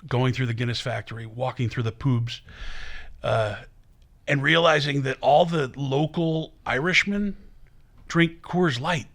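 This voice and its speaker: A man's voice: mid-range voice, a little slow, a bit bright. A man co-hosting a podcast, rambling through opinions in casual chat. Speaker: podcast co-host.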